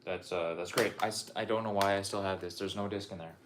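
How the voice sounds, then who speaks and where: A man's voice: sits low, steady tone, quick pace, background noise. Casual, cursing young man on a stream. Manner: loose, profane and repetitive, with frequent restarts. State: out of breath. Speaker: streamer showing his game collection. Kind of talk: casual livestream chat.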